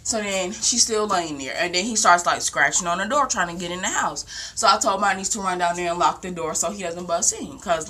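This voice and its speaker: A young woman casually telling a long story at home, rambling and animated, with lots of "like". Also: on the low side. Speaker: vlogger. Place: home, indoors.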